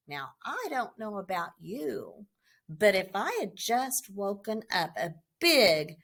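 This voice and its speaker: A woman teacher reading a picture book aloud to children, slow and expressive, then giving a short lesson. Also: mid-range voice, creaky. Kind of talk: children's read-aloud storytime.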